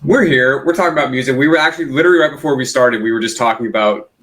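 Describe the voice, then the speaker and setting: A young man co-hosting a podcast, trading jokes in a deadpan, playful way. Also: medium pitch, rapid-fire. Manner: joking, deadpan banter. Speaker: podcast co-host, guitarist. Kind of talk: casual chat.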